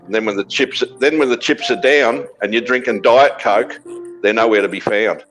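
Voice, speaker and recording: A man's voice: mid-range voice, normal speed, rough recording. A man with an Australian accent talking casually on a livestream, profane and blustering, repeating his points. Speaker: livestream participant. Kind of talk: casual chat. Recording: loud background music.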